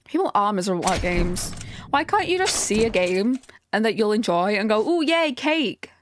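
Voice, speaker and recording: A young woman streaming a game, chatting casually and excitably, often ranting and laughing. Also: mid-range voice, brisk, noisy background. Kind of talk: casual live-stream chat while playing.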